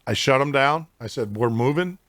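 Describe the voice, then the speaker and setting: A man's voice: mid-range voice, animated, normal speed, a bit bright, no echo. A man hosting a casual interview, rambling and thinking aloud as he talks. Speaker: podcast host.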